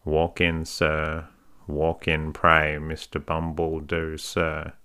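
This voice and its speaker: A man's voice: very deep voice, completely flat delivery, slow pace, bright, forceful tone, clean tone, full character voice. A man voicing a fawning, scheming woman who looks after orphans, wheedling and overly humble, read as a bedtime story.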